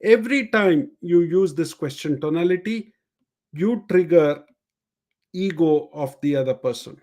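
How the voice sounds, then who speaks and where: A man with a somewhat high-pitched voice runs a live-streamed coaching session. He explains step by step, repeats his main points and demonstrates each way of speaking. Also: animated, measured pace, darkish tone. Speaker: sales and communication coach.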